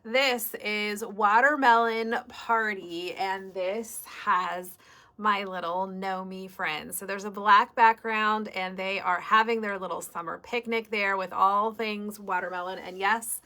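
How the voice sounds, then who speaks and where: A woman's voice: medium pitch, fairly even intonation, a little slow, pushed and bright. A woman with a Midwestern American accent hosting a live shop sale, chatty and upbeat, explaining step by step. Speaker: quilt shop host.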